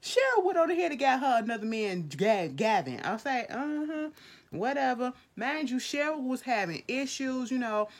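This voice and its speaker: A woman in casual chat, reviewing a film in a blunt, profane and animated way. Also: a little high, moderate pace, hardly any pauses.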